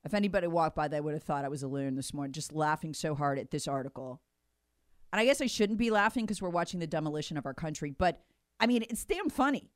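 Woman, middle-aged, political commentary, emphatic, animated, dry sound. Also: sits low, fast talker, no echo. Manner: emphatic, indignant, sarcastic mock quotes. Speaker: talk show co-host.

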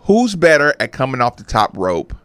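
A man's voice: medium pitch, normal speed, clean tone, no room sound. A man co-hosting a sports radio show, telling stories and ranting in casual banter. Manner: animated, ranting storyteller.

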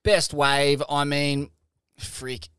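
A man's voice: on the high side, flat delivery, extremely slow, a bit bright, clear, resonant tone, no room sound, clean studio sound. A man with an Australian accent, co-hosting a podcast, giving enthusiastic, slangy surf commentary. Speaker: podcast co-host. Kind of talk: casual surf talk.

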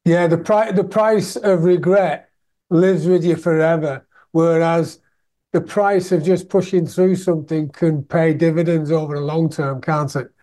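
High-voiced man hosting an interview. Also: steady tone, a little slow, dark tone. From England. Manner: conversational, recaps the guest's stories. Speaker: interviewer, host. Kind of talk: casual interview chat.

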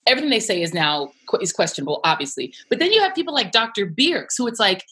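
A woman journalist chatting in a casual interview, animated and emphatic, laughing often. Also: medium pitch, fast, few pauses. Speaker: TV news journalist and guest.

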